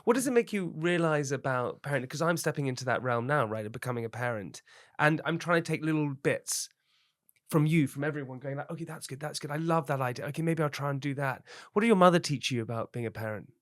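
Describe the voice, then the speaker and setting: A man's voice: fairly high pitch, fast, dry recording, studio quality. A man in his thirties hosting a podcast, asking earnest, curious questions. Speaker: podcast host. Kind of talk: interview questions.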